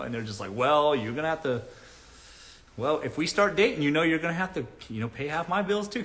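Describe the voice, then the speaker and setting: A man's voice: mid-range voice, a bit bright. A man giving blunt dating advice on a casual live stream, mocking and laughing at his own points while reading chat.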